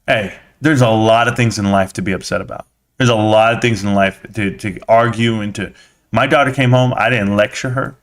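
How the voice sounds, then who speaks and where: A man's voice: on the low side, fairly even intonation, moderate pace. A man hosting a casual live stream, chatting with viewers as a slangy, blunt storyteller.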